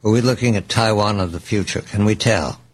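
Male host, lowish husky voice, brisk moderator. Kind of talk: moderating a panel.

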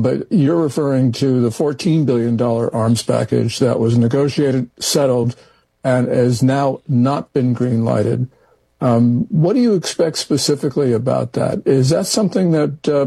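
Male interviewer, gravelly and dark, dry close sound, probing questions. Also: medium pitch, moderate pace, no echo, rough recording. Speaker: co-host asking questions.

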